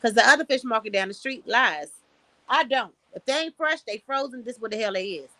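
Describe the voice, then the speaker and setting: Blunt, bright-voiced woman streamer. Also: fairly high pitch, expressive, fairly quick, dry recording. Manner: blunt, profane, preachy advice with storytelling. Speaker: livestream host. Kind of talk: casual livestream talk. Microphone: streaming setup, close mic.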